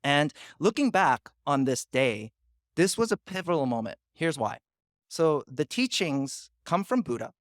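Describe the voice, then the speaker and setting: A middle-aged man giving a keynote talk, recounting a personal story with animated delivery, frequent laughs and acted-out inner thoughts. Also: fairly high pitch, unhurried, dry recording, clean studio sound. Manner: animated, laughs often, acts out his own inner voice. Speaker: keynote speaker.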